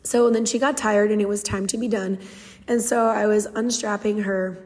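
A woman's voice: on the high side, fairly even intonation, normal speed, darkish tone, long reverb tail. A young adult woman hosting a podcast, telling a heartfelt story in an earnest, casual way and acting out quotes. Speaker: podcast host.

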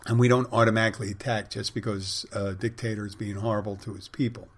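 A man hosts his own podcast, telling stories in a loose, rambling way full of fillers. His voice sits on the low side and has a breathy, husky edge. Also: flat delivery, quick pace. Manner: rambling storyteller with many fillers. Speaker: podcast host; bartender and spin instructor. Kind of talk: casual monologue.

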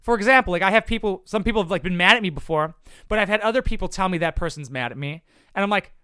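A man's voice: high voice, lively intonation, rapid-fire, pushed and bright, clean tone, dry recording. A man giving casual advice to viewers in a blunt, profane, rambling way. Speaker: content creator answering viewer questions.

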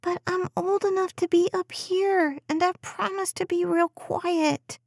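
A high, whiny little girl, bored and stubborn, pleading and sulking in a storybook reading. The voice is thin and unlike the reader's usual tone, with a pitch far above it. The recording is dry and close. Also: steady tone, unhurried, gravelly, dry recording, full character voice.

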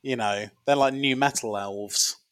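A man's voice: mid-range voice, a little slow, fairly bright tone, clear, resonant tone. A man chatting as a podcast guest, joking and rambling with lots of fillers. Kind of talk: casual chat.

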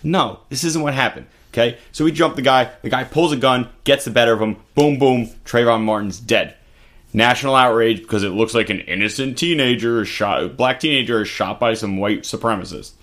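A man's voice: mid-range voice, a little fast, a bit bright. A man giving blunt, profane political commentary in casual chat, co-hosting a talk video.

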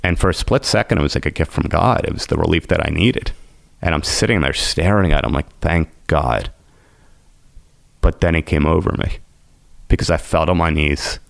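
A man's voice: moderate pace, no echo. A man earnestly telling the story of his own recovery, quoting what people said to him. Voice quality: very deep gravelly voice. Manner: earnest, intense, quotes people as he retells. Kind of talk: emotional personal storytelling.

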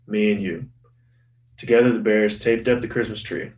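A man's voice: fairly low pitch, steady tone, normal speed, recorded from a distance. A man reading a children's Christmas picture book aloud, giving the characters' lines some expression. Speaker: guest reader. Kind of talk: storybook read-aloud. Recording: roomy sound from off-mic, soft music behind.

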